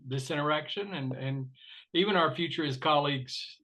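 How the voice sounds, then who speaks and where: A man's voice: on the high side, moderate pace, sharp tone, rough recording. Older West Texas guy, folksy guest, earnest and gracious. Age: 60s. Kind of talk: casual interview conversation.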